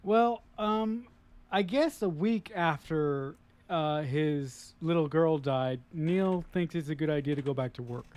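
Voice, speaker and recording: A man's voice: fairly high pitch, unhurried, a little mellow, clean tone. A man co-hosting a casual film discussion, retelling the plot loosely with many fillers and restarts.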